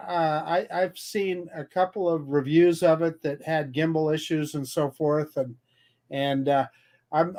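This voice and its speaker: Guest, male, slightly higher voice, hesitant, wry. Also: darkish tone. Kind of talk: casual chat.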